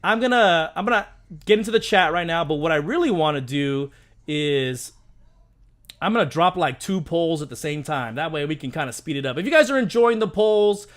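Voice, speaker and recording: Speaking at a moderate pace with a fairly high pitch, this thirtyish man runs a laid-back live stream. He talks excitedly to his viewers, rambling and restarting often.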